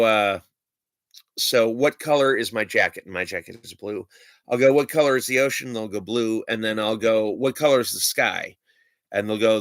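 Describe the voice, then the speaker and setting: A man with a somewhat low voice walks through his magic trick cards in a loose, rambling way and keeps stumbling over fillers. The sound is dry and close, with no room around it. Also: a bit bright, dry recording. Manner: rambling, hesitant, many fillers. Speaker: streamer. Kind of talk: casual show-and-tell of magic cards.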